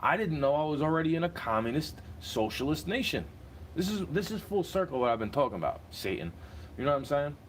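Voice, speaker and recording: A man's voice: on the high side, sing-song, a little hiss or hum. A young man ranting in a casual, profane, rambling monologue while sitting in a car. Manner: agitated, profane, rambling and rapid-fire.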